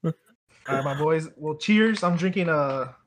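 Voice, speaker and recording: Podcast guest, man, higher-pitched, easygoing. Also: unhurried, soft background music. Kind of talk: casual chat.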